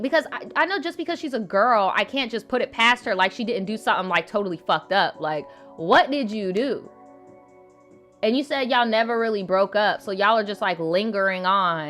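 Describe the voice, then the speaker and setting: A woman's voice: mid-range voice, fairly bright tone. A woman hosting a live show, chatting casually and bluntly with her audience, swearing and laughing often as she reads viewer stories and comments. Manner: blunt and profane, laughs often, talks straight to the chat. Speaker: livestream host reading viewer stories.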